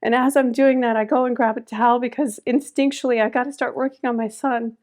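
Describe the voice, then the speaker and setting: A middle-aged woman, a podcast guest, telling a personal story with strong emotion, moving between loud urgency and hushed quiet. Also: fairly high pitch, steady tone, a little fast.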